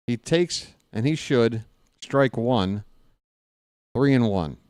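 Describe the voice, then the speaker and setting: A man's voice: on the high side, a little mellow, no room sound, studio quality. A man doing live fan play-by-play of a baseball game, chatty and joking, openly rooting for his team.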